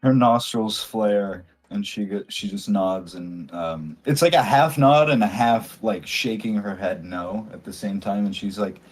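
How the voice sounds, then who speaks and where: A man's voice: on the low side, unhurried, few pauses, soft background music. A man narrating as game master in a casual, chatty way, often laughing.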